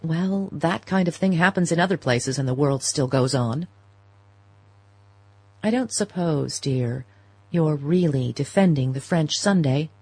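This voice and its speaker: A woman reading the part of a proper older society mother who is gentle, fretful and quietly insistent, in an audiobook. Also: low-pitched, measured pace, breathy edge, no echo, full character voice, poor audio. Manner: mild, coaxing, quietly insistent.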